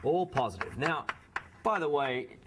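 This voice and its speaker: In a lecture hall, a man gives a university math lecture, his voice slightly sore and pitched on the high side. He talks in a loose, conversational, animated way without hurrying, often restarting and correcting himself, with background noise in the room.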